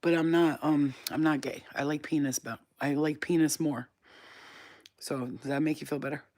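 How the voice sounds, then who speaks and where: A woman's voice: low voice, steady tone, moderate pace, a little mellow. Woman from upstate New York, casual livestream talker, blunt and profane, laughs a lot. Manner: candid, swears freely, laughs often.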